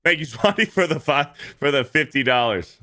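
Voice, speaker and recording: Sex: man. Role: livestream host. Style: casual reaction commentary. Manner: animated and profane, with a bright, lively voice. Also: on the high side, normal speed. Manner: animated, profane, repeats himself.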